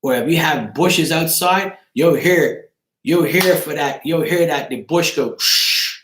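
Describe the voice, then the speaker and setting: A man's voice: a little high, a little slow, a little hiss or hum. Emphatic swearing man in an echoey room. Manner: emphatic, repeats "right?", swears freely. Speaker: host of a live chat show. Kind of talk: casual live-stream advice to a viewer.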